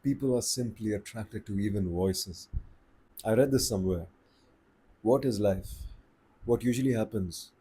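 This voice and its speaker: A man giving voice tips in a relaxed, unhurried, conversational way, slowing down to stress his points. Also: fairly low pitch, a little hiss or hum. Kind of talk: casual advice talk to camera.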